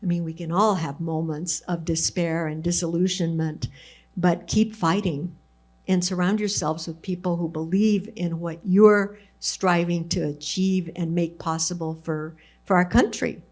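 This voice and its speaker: A woman's voice: on the low side, steady tone, unhurried, a little mellow. A woman in her seventies, originally from Texas, speaks as an alumna guest at a fireside chat. She tells stories and gives students earnest, encouraging advice. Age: 70s.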